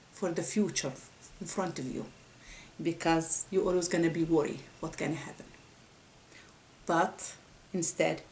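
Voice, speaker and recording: A woman giving a faith talk with a story, halting and restarting often. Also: fairly low pitch, darkish tone, slight background noise, rough recording. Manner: halting, with many restarts and repeated words. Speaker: religious speaker.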